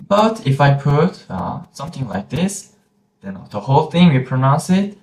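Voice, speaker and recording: A man with a Korean accent guides a beginner through pronunciation at an unhurried pace. His pitch moves a lot, and he repeats each sound patiently. The room around him sounds echoey. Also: sing-song. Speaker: Korean language teacher. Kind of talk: slow, patient pronunciation lesson.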